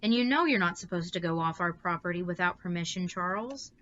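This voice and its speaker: A woman voicing a calm, practical mother who reassures her children briskly and lightly. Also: lowish voice, dull audio.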